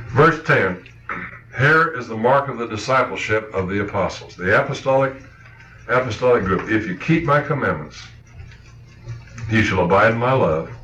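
A man preaching in a plain, earnest way, stumbling and restarting as he works through scripture verse by verse. His voice sits at an ordinary pitch and rings in a roomy space. The recording sounds muffled and dull, like an old sermon tape. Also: pushed and bright. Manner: earnest, halting, with many restarts and acted-out quotes.

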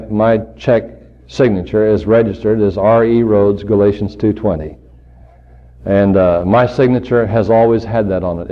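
A man preaching a sermon to his congregation, telling his own story in an earnest voice that climbs to fervent emphasis and sinks low again. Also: lo-fi sound.

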